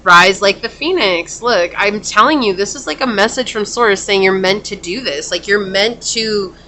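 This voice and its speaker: A woman's voice: medium pitch, normal speed, bright, forceful tone, slight background noise. A woman giving a casual pick-a-card tarot reading, talking earnestly and in a rambling way, with lots of "like" and "okay?". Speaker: tarot reader.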